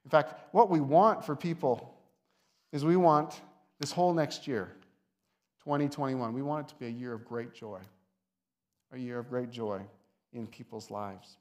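Pastor guy giving a chatty sermon in church, mid voice, gets louder on the big points. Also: mid-range voice, steady tone, normal speed, pauses often. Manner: conversational, with soft asides and lifted emphasis. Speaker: lead pastor. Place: church sanctuary.

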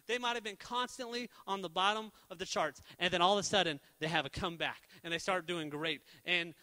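A young man with a high, very bright voice gives a casual, jokey sermon, telling Bible stories with animated energy and slipping into quick voices for the characters. The sound rings with the long reverb of a church hall. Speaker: preacher.

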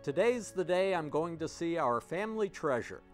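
A man's voice: on the high side, lively intonation, normal speed, soft background music, pitched above the performer's own voice, close to an everyday voice. A man voicing a cheerful, confident little boy in a storybook, teasing and playful.

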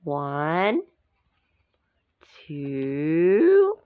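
A woman's voice: deep voice, drawn-out words, heavily acted. Woman reading as an eager boy Mowgli. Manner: excited shouting. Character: eager young boy jungle child. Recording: dull, dry lo-fi recording.

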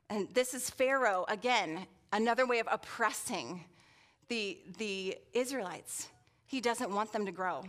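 In a church sanctuary, a guest preacher delivers a sermon full of audience interaction, frequently questioning the congregation in a playful, chatty way. Her voice sits in the mid-range, a little slow and a bit bright.

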